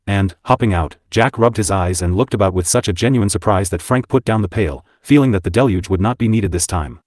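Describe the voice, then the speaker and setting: A man narrating a classic novel as an audiobook, in even, unhurried storytelling. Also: fairly low pitch, dry recording, studio quality.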